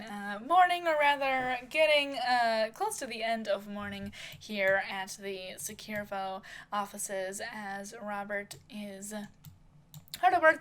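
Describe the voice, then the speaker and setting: A woman's voice: medium pitch, fairly bright tone. A woman narrating a soap-opera story in a loose, rambling way full of "uh" and "kind of". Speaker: storyteller and game player. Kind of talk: casual improvised story narration.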